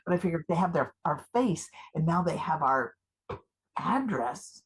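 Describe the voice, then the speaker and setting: A woman plays an eager older activist with a husky, slightly breathy voice. She gushes over every new scheme in a live improv scene, and her excitement keeps tipping into paranoia. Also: deep voice, a little slow, exaggerated voice, rough recording. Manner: gushing, excitable, a little paranoid. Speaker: improv performer.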